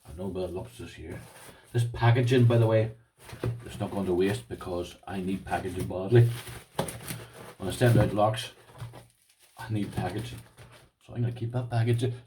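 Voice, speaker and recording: Irish guy with a lowish voice, chatty and rambly, unboxing locks and saying thanks a lot. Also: moderate pace, long pauses, noisy background. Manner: chatty, appreciative, rambling with restarts. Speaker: lock-picking vlogger. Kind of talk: casual unboxing chat.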